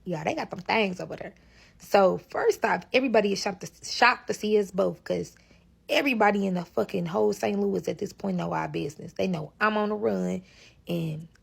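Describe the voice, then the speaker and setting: Woman spinning a wild storytime, gravelly voice, acts out everybody's lines and keeps saying y'all. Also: medium pitch. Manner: animated, acts out dialogue, addresses listeners as y'all. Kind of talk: casual storytime narration.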